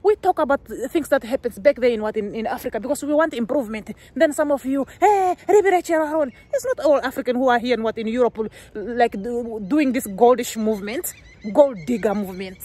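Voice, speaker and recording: A woman's voice: a little high, fairly quick, warm tone. A young woman from Namibia, a gossip vlogger, ranting heatedly to the camera. She keeps restarting her sentences and fills them with rhetorical "what"s. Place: living in Sweden.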